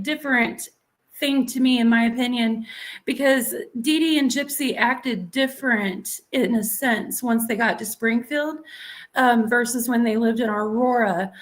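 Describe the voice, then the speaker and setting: A woman's voice: a little high, fairly bright tone. A woman, a guest in a casual conversation, easygoing and thinking aloud. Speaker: livestream guest.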